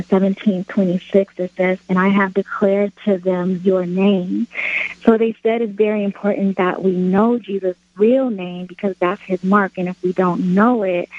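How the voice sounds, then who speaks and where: A woman calling in to a radio show, asking a question hesitantly with many pauses. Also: mid-range voice, a little hiss or hum. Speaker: caller. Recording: tinny phone line.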